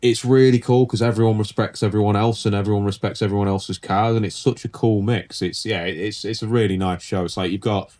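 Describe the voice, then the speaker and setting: A man's voice: on the low side, steady tone, fairly quick, hardly any pauses, a little mellow. A man co-hosting a casual podcast chat, rambling and laughing easily as he tells stories. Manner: rambling, laughs often, restarts. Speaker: podcast co-host, pinstriper.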